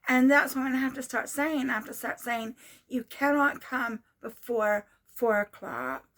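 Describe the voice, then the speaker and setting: A woman's voice: high voice, fairly bright tone. A woman in her sixties telling a personal story in a casual monologue, repeating herself in an exasperated way. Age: 60s. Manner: repetitive, exasperated retelling. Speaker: vlogger.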